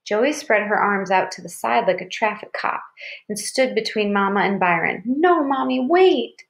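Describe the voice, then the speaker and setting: Woman reader, mid pitch, steady storytelling delivery of a novel. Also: normal speed. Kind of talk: reading a novel aloud.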